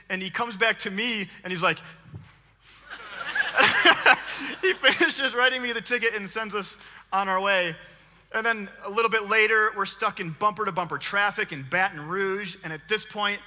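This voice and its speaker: Male preacher, 30s, high bright voice, playful storytelling sermon, big church hall reverb. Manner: animated, joking, laughs often. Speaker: guest preacher.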